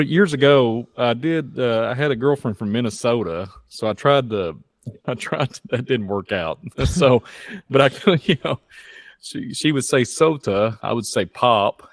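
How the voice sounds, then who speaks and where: A man co-hosting a live radio show, easygoing and quick to laugh. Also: mid-range voice, no room sound, clean studio sound. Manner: laid-back, laughing often. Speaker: radio co-host. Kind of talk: casual live radio chat.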